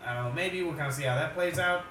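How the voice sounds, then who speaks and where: A man's voice: fairly high pitch, fast talker, bright, forceful tone, a little hiss or hum. A man improvising an awkward young man on a date who talks in a hesitant, fumbling way. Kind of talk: improvised comedy scene. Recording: roomy, from a distance.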